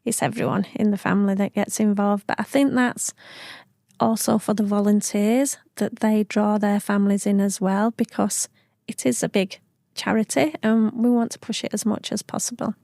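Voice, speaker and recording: A woman's voice: mid-range voice, fairly even intonation, normal speed, gravelly, a little mellow, no echo, clean studio sound. A middle-aged woman from Yorkshire with a broad Yorkshire accent, chatting in an interview about her family and her home town. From Yorkshire, England. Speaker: charity founder, guest. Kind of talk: casual interview chat.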